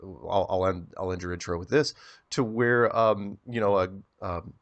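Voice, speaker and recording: A man telling a long story as an interview guest, rambling and animated, often repeating words as he starts a sentence. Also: sits low, normal speed, dull audio.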